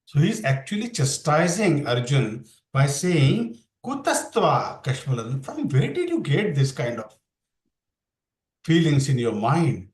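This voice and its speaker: A man's voice: on the high side, sing-song, measured pace, reverberant, low-quality recording. Man teaching a scripture class. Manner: explains, asks students questions. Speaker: Bhakti yoga teacher.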